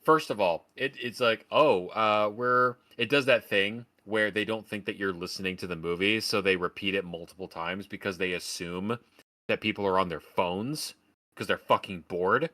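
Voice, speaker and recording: A man's voice: lowish voice, normal speed, sharp tone. A man from Oregon giving a sarcastic, profane rant in a casual podcast film review. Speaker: podcast host.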